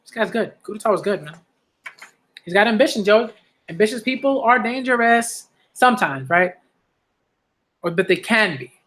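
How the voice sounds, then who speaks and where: A man's voice: sits high, lively intonation, moderate pace, long pauses, fairly bright tone. A man reading a manga aloud and reacting in casual, slangy asides.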